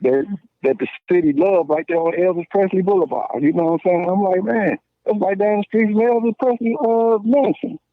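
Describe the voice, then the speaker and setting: A man in his late thirties from Memphis, Tennessee, with a Southern accent, a podcast guest telling stories in a blunt, slangy, animated way with lots of restarts. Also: sits high, a little fast, no room sound. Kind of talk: casual call-in conversation. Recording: tinny dry phone line.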